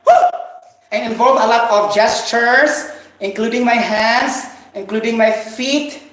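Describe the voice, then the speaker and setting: A woman's voice: fairly high pitch, measured pace, a bit bright. Chatty woman vocal coach, very echoey room. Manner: chatty, keeps checking in with okay. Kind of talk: casual vocal coaching talk. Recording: very echoey room, faint music.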